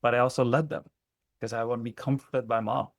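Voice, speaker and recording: A man's voice: mid-range voice, little pitch movement, fairly quick, dry recording, studio quality. A man working as a relationship coach, talking bluntly and emphatically with frequent swearing in an interview. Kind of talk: candid interview conversation.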